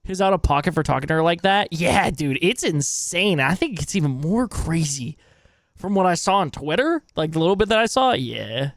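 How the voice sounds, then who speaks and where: A man's voice: on the high side, expressive, moderate pace, no echo, clean studio sound. A young adult man streaming live and reacting to online drama in casual, swearing chat. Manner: casual, swearing, reacts loudly, laughs often.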